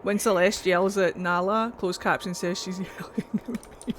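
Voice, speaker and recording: A woman's voice: mid-range voice, steady tone, normal speed, slight background noise. A Scottish woman chatting and joking playfully while she streams a video game, swearing now and then. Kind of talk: casual game commentary.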